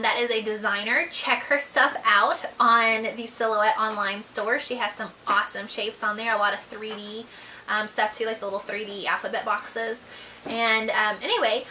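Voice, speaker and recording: A woman walks through a paper craft at her table, talking in a loose, rambling way with lots of ums. Her voice sits a little high and sounds bright and forward. A faint hiss runs under the home recording. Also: poor audio. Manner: chatty, many ums and likes, giggles at herself. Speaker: crafter demonstrating a paper box project. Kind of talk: casual craft tutorial.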